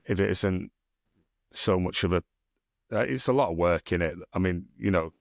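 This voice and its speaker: With a Northern English accent and a deep, creaky voice at normal speed, this man co-hosts a casual podcast and is also a self-published author. He rambles, swears freely and teases his co-host, recorded cleanly in a studio with no echo.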